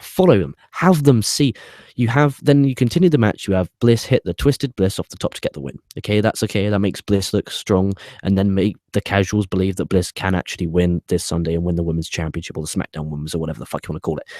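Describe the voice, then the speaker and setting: A man with a deep, low voice hosts a casual review, ranting opinionatedly and swearing as he wanders off on tangents. The recording is dry and close, with no room sound. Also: a little mellow, no room sound. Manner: rambling with tangents and restarts. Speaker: wrestling show reviewer, host.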